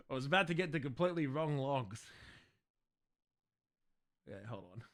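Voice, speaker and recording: A man's voice: mid-range voice, expressive, slow pace, fairly bright tone. An Australian man chatting casually and rambling on a livestream, swearing freely and talking to his chat. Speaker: streamer.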